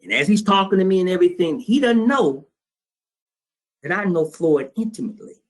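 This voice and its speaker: Man, high-pitched, streetwise trading instructor, blunt storyteller. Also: animated, a little fast. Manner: streetwise, blunt, profane, quotes both sides of a phone call. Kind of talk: storytelling lecture to students.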